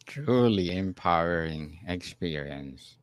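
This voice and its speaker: A man with a very low voice hosts an interview, speaking slowly and in brief remarks. His phrasing sounds non-native. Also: expressive. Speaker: host. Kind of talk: interview questions.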